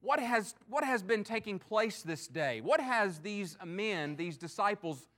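A man preaching a sermon in an earnest, emphatic way, with his loudness and pace swinging as he makes each point. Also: sits high, very animated, unhurried. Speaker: pastor.

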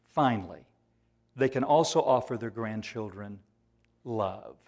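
A man's voice: fairly low pitch, darkish tone. Emphatic male preacher. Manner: emphatic, repeats phrases, slows for key words. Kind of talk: sermon.

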